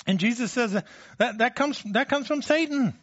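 A man's voice: extremely high pitch, moderate pace, a bit bright, no room sound, highs cut off. A man preaching a sermon in a conversational way, with frequent restarts and rhetorical questions. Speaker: pastor.

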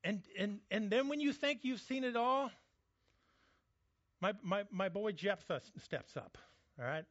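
A man's voice: sits high, lively intonation, a little slow, a bit bright, no room sound, lo-fi sound. A man preaching a sermon in a conversational, joking way, often restarting his words. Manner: conversational, jokey, frequent restarts. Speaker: pastor.

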